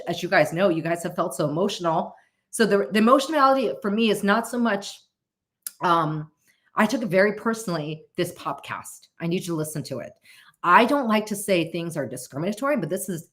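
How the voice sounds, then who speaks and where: A woman's voice: fairly low pitch, expressive, brisk, fairly bright tone. A woman hosting a podcast in casual chat, earnest and openly emotional, rambling with restarts. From United States. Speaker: podcast host.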